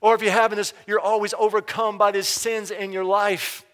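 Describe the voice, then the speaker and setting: Male pastor, sermon, high voice, long hall reverb, loud-to-hushed swings. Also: level tone. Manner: swings between loud urgent bursts and hushed, near-whispered emphasis; reads scripture slowly and deliberately.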